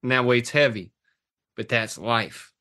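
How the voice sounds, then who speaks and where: A man's voice: mid-range voice, unhurried, pushed and bright. A man speaking as a guest coach on a podcast, talking passionately and intensely, swearing now and then. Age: adult, has a daughter. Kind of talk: emotional podcast talk.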